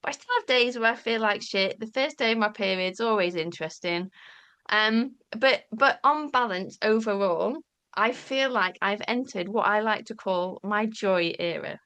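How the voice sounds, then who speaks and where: A woman talking candidly as an interview guest, animated and storytelling, casually swearing and acting out quoted dialogue. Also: mid-range voice, moderate pace, clean tone. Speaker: podcast guest.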